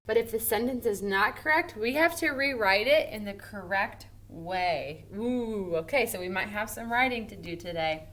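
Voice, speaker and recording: A female teacher records a grammar lesson for first graders at a smartboard, at home or in a classroom. She speaks slowly and encouragingly with a medium, fairly bright voice and lively intonation, drawing out example sentences expressively.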